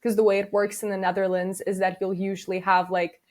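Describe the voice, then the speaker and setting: A woman's voice: medium pitch, a little fast. A young adult woman, a business founder guest in an interview, telling stories casually and acting out the dialogue she quotes. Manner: lively storyteller who acts out quoted dialogue.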